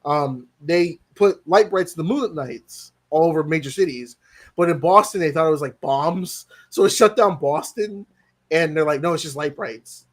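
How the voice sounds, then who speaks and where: A man with a high voice chats casually on a livestream, animated and quick to laugh. He swears freely and acts out quotes as he talks. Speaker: co-host of a movie review livestream. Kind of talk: casual chat.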